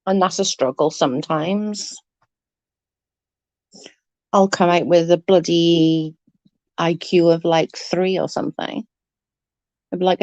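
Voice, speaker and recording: A woman's voice: lowish voice, steady tone, slow pace, pauses often, a little mellow, no room sound, dull audio. A woman streaming live, chatting casually and rambling with her viewers, swearing now and then.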